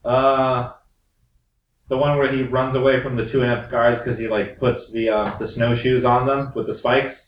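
A man's voice: mid-range voice, flat delivery, moderate pace, muffled recording. A man co-hosting a casual chat podcast, teasing and joking, swearing freely. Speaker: podcast co-host. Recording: roomy sound from a distant mic.

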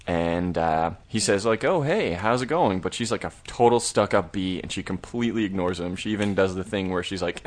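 Recapping a horror episode for the podcast he co-hosts, this man rambles casually and lets the occasional curse slip. His voice is low-pitched and steady, a little fast, with few pauses.

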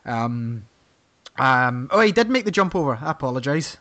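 A man's voice: mid-range voice, sing-song, moderate pace, a bit bright. A man, co-hosting a casual fan chat and talking with many fillers. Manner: chatty, hesitant with many fillers. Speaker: podcast co-host.

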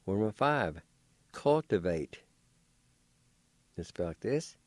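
A man giving a radio language lesson, spelling and pronouncing words slowly and deliberately, letter by letter, and encouraging listeners to practice. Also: lowish voice, big pitch swings, dry recording.

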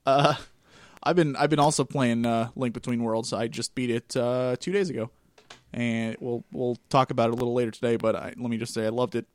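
A man co-hosting a casual gaming podcast, relaxed and chatty, with plenty of easy laughter. His voice sits in an ordinary middle pitch and comes through dry and close to the mic. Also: brisk, dry recording. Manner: laid-back, chatty, laughs often. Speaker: podcast co-host. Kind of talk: casual chat.

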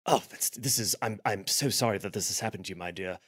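A man's voice: lowish voice, fast, breathy edge, pitched below the performer's own voice. A man voicing a polite, bumbling soldier who stammers with old-fashioned courtesy. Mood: flustered.

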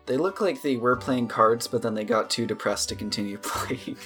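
Joking game master, faint music. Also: male voice, medium pitch, normal speed, fairly bright tone. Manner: casual, joking. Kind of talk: narrating a tabletop game.

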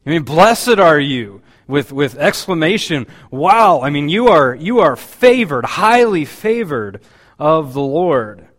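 A man acting as Gabriel, an excited angel. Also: fairly high pitch, normal speed, hardly any pauses. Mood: exclaiming. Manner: exclaiming, emphatic.

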